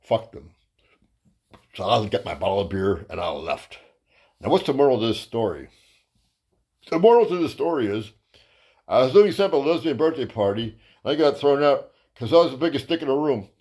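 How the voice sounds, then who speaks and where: A man's voice: a little fast, pauses often, slightly rough. A man telling a rambling, profane stand-up story as host of his own comedy show. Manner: crude, profane, rambling with fillers; lively, jumps to high voices for quotes.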